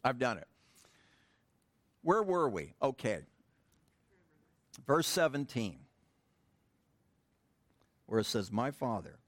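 A middle-aged pastor teaching from the pulpit, mixing a grammar lesson with easygoing jokes aimed at the people in front of him. His voice sits at an ordinary middle pitch. The sound is close and dry, with little room around it. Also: sing-song, slow pace, pauses often, no room sound. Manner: casual, joking asides with the congregation. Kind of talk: sermon with a Greek grammar lesson. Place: church sanctuary.

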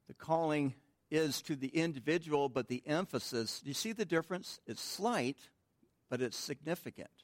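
A man leads a midweek Bible study in a relaxed, talky way, often posing a question to the listeners and answering it himself. His voice sits at an ordinary middle pitch. The recording is dry and close, with little room sound. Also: no echo. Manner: informal and chatty, asks the room questions and answers them, frequent restarts. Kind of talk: conversational Bible teaching.

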